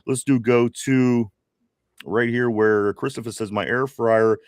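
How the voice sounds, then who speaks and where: A man's voice: medium pitch, steady tone, measured pace, clean tone, no echo, studio quality. Man reading viewer comments live. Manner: laughs often, reads viewer comments aloud. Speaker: co-host. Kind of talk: casual live sports chat.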